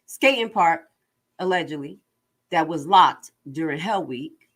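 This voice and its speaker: A woman giving casual livestream commentary in an animated, joking and sassy way. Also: deep voice, a little slow, slightly rough. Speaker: online commentator.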